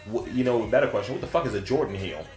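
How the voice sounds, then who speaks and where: A man's voice: on the low side, animated, quick pace, darkish tone. A man co-hosting a podcast in casual, profane chat, telling jokey stories and putting on voices for them. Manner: profane, jokey storyteller, slips into voices for anecdotes. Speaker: podcast co-host. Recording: roomy room with music underneath.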